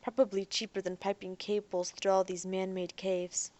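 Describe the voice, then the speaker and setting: A woman voicing a polite, reserved young man from another world who speaks in a measured way. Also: medium pitch, little pitch movement, darkish tone, lightly acted.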